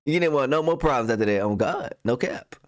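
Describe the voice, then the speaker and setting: A man's voice: medium pitch, animated, a little fast. A young man reacting to a clip with loose, slang-heavy commentary and a personal story, laughing often.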